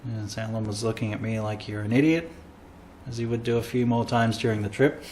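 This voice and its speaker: A man's voice: lowish voice, level tone, fast talker, darkish tone, slight background noise. An Australian man, a comedian hosting a casual podcast, rambling through travel stories and acting out quoted lines.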